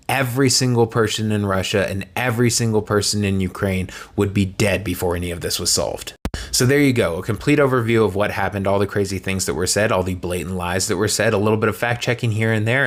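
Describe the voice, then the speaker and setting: A man recapping political news with sarcastic, deadpan asides. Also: on the low side. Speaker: political commentary creator.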